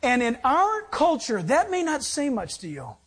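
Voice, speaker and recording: A preacher giving a sermon, dramatic, jumping between loud bursts and hushed, intimate asides. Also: sits high, huge pitch swings, normal speed.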